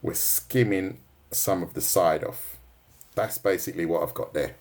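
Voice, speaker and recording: A man's voice: low voice, normal speed, a little mellow. Joking man teaching drawing on a livestream. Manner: joking, chatty, teasing viewers. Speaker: art teacher. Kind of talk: casual livestream drawing lesson.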